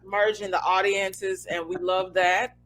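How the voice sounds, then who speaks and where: A woman in her thirties co-hosting a casual podcast chat, animated and self-mocking with quick laughs. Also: mid-range voice, a little hiss or hum. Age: 30s. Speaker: podcast co-host.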